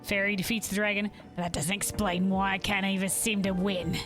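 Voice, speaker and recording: A woman's voice: mid-range voice, little pitch movement, fairly quick, over music, voice pushed down, lightly acted. A woman voicing a brash, tough young woman in a put-on Scottish-ish accent, blunt and grumbling.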